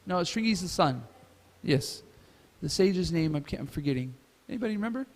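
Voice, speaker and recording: A man's voice: a little high, lively intonation, a little fast. A man teaching a scripture class at a temple, retelling a story and asking the audience questions. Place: temple hall. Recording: reverberant temple hall.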